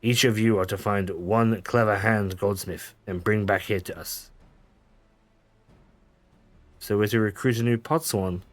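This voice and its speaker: A man's voice: on the low side, fairly even intonation, measured pace, pauses often, no echo. A man streaming a game, reading the dialogue aloud with frequent stumbles, self-corrections and laughs. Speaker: gaming streamer.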